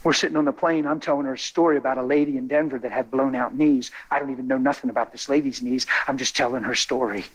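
A man telling a testimony in a sermon, animated and folksy, building to excited exclamations. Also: medium pitch, quick pace, hardly any pauses, poor audio. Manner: colloquial, folksy phrasing.

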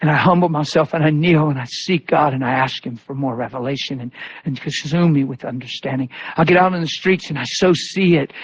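Husky preacher telling stories animatedly. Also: male voice, on the high side, a little fast. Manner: animated storytelling with voiced quotes. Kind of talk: sermon. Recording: dull lo-fi recording.

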